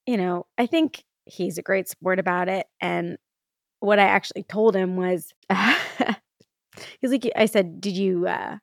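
A woman's voice: medium pitch, slow pace, vocal fry, no room sound. Thirtysomething woman venting on her podcast, rambly and self-deprecating, swears a lot, dry close mic. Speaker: podcast host. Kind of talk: candid solo podcast talk.

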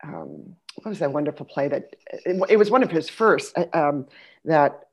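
A middle-aged woman with a low, deep speaking voice tells stories in a relaxed conversation. She gets animated and acts out the people she quotes, then drops into quiet asides. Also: moderate pace, breathy edge. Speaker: podcast guest, actress. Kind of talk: casual conversational storytelling.

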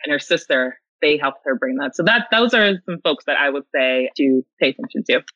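A woman's voice: rumbling low, fairly quick, no echo, lo-fi sound. A woman in her thirties, a podcast guest and consultant, answering interview questions earnestly and with emotion. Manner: earnest, animated, tearful at times. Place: home.

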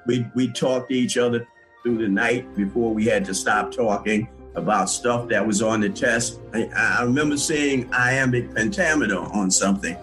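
An older man telling his life story in a relaxed interview, with many restarts and small chuckles. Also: medium pitch, moderate pace, faint music behind, rough recording. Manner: conversational, with frequent restarts and chuckles. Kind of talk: recalling his past in an interview.

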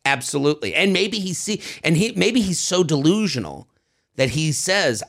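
A man co-hosting a casual advice podcast, joking and animated, often stammering as he restarts. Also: fairly high pitch, moderate pace. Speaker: podcast co-host. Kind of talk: casual chat.

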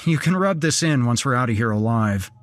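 A man voicing a steady, reassuring group leader in a horror audio story. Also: medium pitch, fairly quick, pitched above the performer's own voice, lightly acted. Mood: determined. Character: take-charge man, calm group leader.

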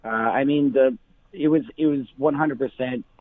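A bar owner talking casually on the phone, full of fillers and restarts. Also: male voice, medium pitch, moderate pace, no room sound. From Canada. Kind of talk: phone interview. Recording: tinny phone line.

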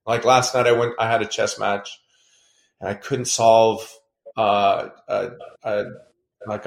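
A man, a baseball player guest, telling animated, self-deprecating stories in a casual interview. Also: lowish voice. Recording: echoey room.

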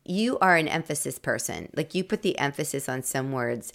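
Woman, podcast co-host, deep low voice, playful, teasing, casual chat. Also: lively intonation, moderate pace, creaky.

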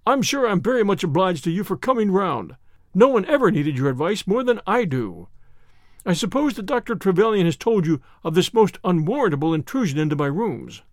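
A man's voice: big pitch swings, fairly quick, no room sound, clean studio sound. A man voicing a fat, frightened middle-aged man with a reedy, quivering, nervous voice. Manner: nervous, pleading, high-strung.

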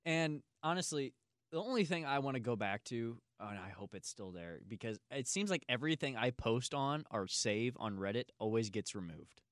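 A man hosting a casual podcast, telling a long story full of filler words and breaking into loud laughs. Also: medium pitch, expressive, normal speed, no room sound, studio quality. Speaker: podcast host.

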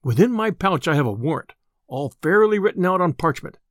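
A man's voice: a little high, expressive, fairly quick, no echo, clean studio sound, lightly acted. A man reading aloud, voicing a boisterous, boastful male tinker in an audiobook tale. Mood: hearty. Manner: loud, boastful old-style speech.

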